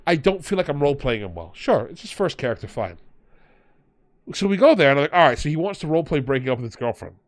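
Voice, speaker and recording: Male podcast host, storyteller, animated delivery. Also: on the high side, fast. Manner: animated, retells players in quoted voices. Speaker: podcast host and game master. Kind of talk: storytelling in casual chat.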